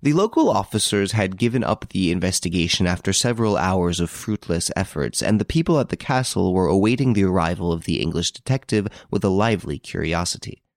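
A man reads a classic story aloud in a low, gravelly voice with a lively, wide-ranging delivery. The recording is close and dry, with no room sound. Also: a little fast, few pauses, dry recording. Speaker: narrator. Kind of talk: audiobook narration.

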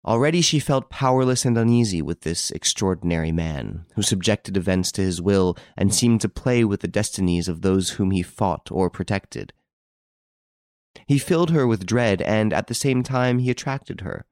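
A man's voice: on the low side, animated, moderate pace, darkish tone, no room sound, clean studio sound. A man narrating a classic novel as an audiobook, reading expressively. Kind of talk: scripted narration.

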